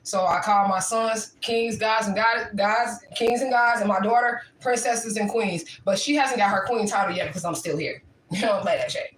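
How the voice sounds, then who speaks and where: A loud, profane mother from the St. Louis area of the Midwest US hosts a livestream, cooking with her daughter in her home kitchen amid laughing banter. Her voice is mid-range at a moderate pace, and the recording is echoey with faint noise.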